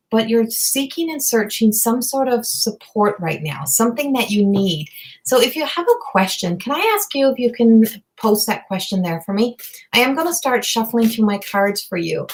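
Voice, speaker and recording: A woman's voice: medium pitch, darkish tone, a little hiss or hum. A woman giving a live psychic reading, earnest and emotive, rambling and repeating herself. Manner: rambling and repetitive, many fillers. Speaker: psychic medium and tarot reader.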